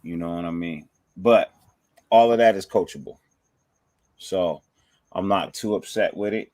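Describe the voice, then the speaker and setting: A relaxed man with a fairly low voice talks through his picks in easy slang, shouting out viewers by name. The sound is close and dry, with no room around him. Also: measured pace, no room sound. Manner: laid-back, slangy, reads viewer comments. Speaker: fan show host. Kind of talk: casual sports chat.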